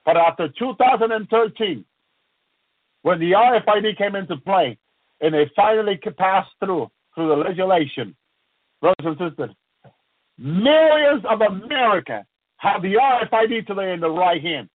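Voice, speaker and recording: A man delivers an impassioned sermon in a high, fervent voice, halting and repeating prayerful refrains. The sound is tinny and narrow, like a phone line, with a dry, close feel. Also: very animated, no echo. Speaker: preacher.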